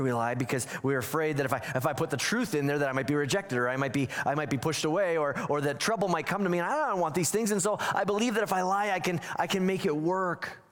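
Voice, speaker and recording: A man giving a conversational sermon as pastor, joking and acting out little scenes. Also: fairly high pitch. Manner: conversational, self-deprecating, acts out quotes. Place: church sanctuary. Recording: church hall reverb.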